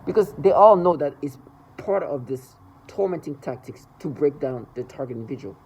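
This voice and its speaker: A man's voice: on the high side, expressive, normal speed, a little mellow, a little hiss or hum, poor audio. A man talking to the camera in an agitated personal monologue, rambling with restarts and repetitions. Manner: rambling, restarts and repeats, mimics others' laughter. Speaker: vlogger.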